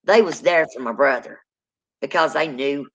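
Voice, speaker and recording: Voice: mid-range voice, normal speed, a bit bright. A speaker, telling a true ghost story in casual spoken style and acting out the people in it. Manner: dramatic, acts out quoted people. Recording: dull lo-fi sound.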